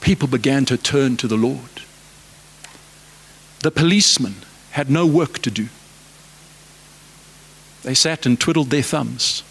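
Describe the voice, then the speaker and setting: A man's voice: medium pitch, a little slow, vocal fry, long pauses, fairly bright tone, husky. A man preaching a sermon, fervent and exhorting, with repeated rhetorical questions.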